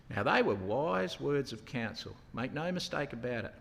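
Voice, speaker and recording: Man preaching, animated, bright voice, long echo. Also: medium pitch, normal speed, gravelly, few pauses. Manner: animated, acts out quotes with raised voice. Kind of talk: sermon. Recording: long hall reverb.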